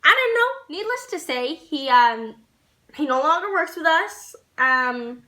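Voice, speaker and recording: A young woman vlogger telling a story to camera in a casual, animated way, swearing and laughing as she goes. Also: high-pitched, unhurried.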